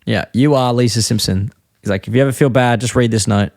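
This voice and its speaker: A man's voice: medium pitch, fast talker, vocal fry, darkish tone, no echo. Rambling podcast co-host man, dry sound. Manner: rambling retelling with quoted lines and restarts. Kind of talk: casual chat recapping an episode.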